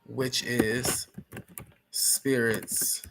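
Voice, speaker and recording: A spiritual teacher on a livestream, chanting syllables slowly and deliberately and laughing at themselves between chants. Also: medium pitch, flat delivery, vocal fry, background noise.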